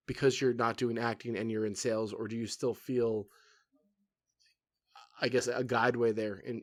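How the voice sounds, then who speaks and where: A man hosting a podcast, asking thoughtful, rambling questions with many fillers in casual conversation. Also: medium pitch. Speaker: podcast host. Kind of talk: casual interview.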